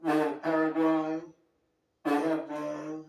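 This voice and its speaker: Guy rambling through a speech, kinda high voice, really echoey big room. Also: monotone, slow pace, darkish tone. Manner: rambling, digressive, folksy asides. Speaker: speaker greeting leaders at a summit. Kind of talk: off-the-cuff public speech. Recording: very echoey hall, distant mic, faint music.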